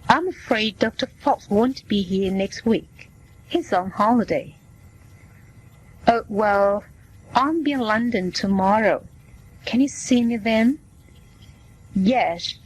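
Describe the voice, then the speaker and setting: A woman reads short scripted exchanges for English learners, voicing each part herself. Her delivery is extremely slow and deliberate. Her voice sits a little high and carries a soft, breathy edge. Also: poor audio. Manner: reads every part of short scripted everyday dialogues in turn. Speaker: English listening lesson reader. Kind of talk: scripted dialogue reading for learners.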